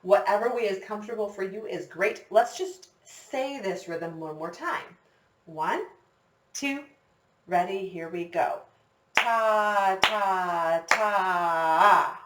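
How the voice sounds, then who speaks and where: A woman's voice: medium pitch, animated, a little slow, slight background noise. A woman music teacher giving a recorder lesson for children, patient and encouraging, counting her students in. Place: classroom with a whiteboard. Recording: echoey room, distant mic.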